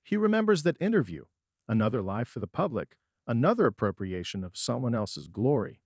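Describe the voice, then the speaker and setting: A middle-aged man narrating a first-person dramatic story in a measured, storytelling manner. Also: medium pitch, big pitch swings, a little mellow, dry recording, studio quality.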